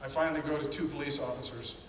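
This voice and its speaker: A man shares his life story in a candid, earnest talk, acting out the voices in his head as he goes. His mid-range voice is steady and fairly bright, delivered rapid-fire; the mic sits at a distance in an echoey hall, with a little hiss or hum.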